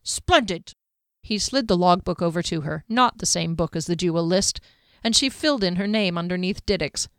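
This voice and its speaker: A woman narrating a fantasy audiobook in a measured, even storytelling manner. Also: on the low side, clean tone, no room sound, clean studio sound.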